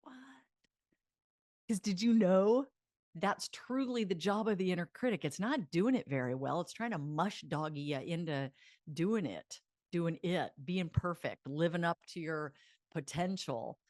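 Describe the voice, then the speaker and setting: Low-voiced woman coaching self-help. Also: a little slow, no echo, clean studio sound. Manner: animated and chatty, laughs often, leads mantras aloud. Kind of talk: motivational self-help teaching to camera.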